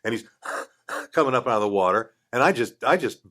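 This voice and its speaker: Older man spinning a lively yarn. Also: mid-range voice, brisk. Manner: lively storyteller, acts out quoted voices. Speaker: podcast guest. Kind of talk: casual anecdote telling. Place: radio studio.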